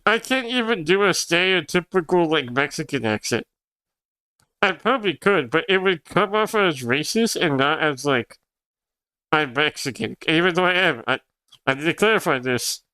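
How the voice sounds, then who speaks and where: A man's voice: on the high side, lively intonation, moderate pace, sharp tone, clear, resonant tone, no echo. A young man whose first language is Spanish, chatting casually on a livestream, rambling and laughing often as he answers chat. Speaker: streamer.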